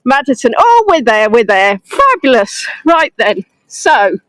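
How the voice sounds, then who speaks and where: A woman's voice: on the high side, big pitch swings, unhurried, a bit bright, no echo, low-quality recording. A woman leading a live-streamed walking tour outdoors in the snow, chatting and greeting viewers by name, filmed on a phone held close on a gimbal. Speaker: virtual tour guide. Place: outdoors in a snowy town street. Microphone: phone on a gimbal held close to the face.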